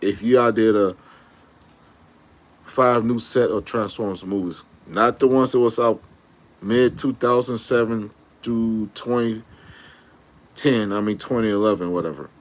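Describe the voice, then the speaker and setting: A man giving a casual, slangy fan rant to camera, excitable and rambling, often correcting himself mid-sentence. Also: on the low side, a little slow, pauses often. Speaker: YouTube commentator.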